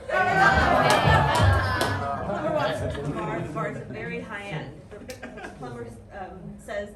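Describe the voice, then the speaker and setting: A woman's voice: on the high side, big pitch swings, unhurried, pauses often, distant mic, loud music behind the voice, over a noisy crowd. A woman performing improv comedy, telling playful bar jokes on stage. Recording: echoey theater recorded from afar, loud audience.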